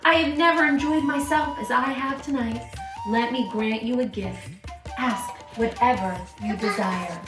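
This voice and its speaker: A woman's voice: fairly high pitch, normal speed, pitched below the performer's own voice, close to an everyday voice. A woman voicing a commanding male king in a children's Bible storybook, proclaiming grandly. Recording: roomy sound from a distant mic, music behind.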